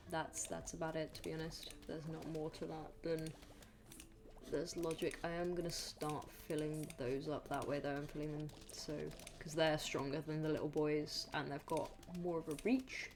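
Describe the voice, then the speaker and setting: A woman's voice: sits low, noisy background. A woman gives casual commentary while playing a game on stream, muttering and chatting to herself. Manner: chatty, mutters to the game, playful sing-song asides.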